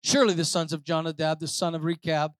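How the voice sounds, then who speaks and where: A man preaching a sermon, reading scripture slowly and dramatically and breaking off for casual asides to the congregation. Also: a little high, flat delivery, dry recording, clean studio sound. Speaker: pastor.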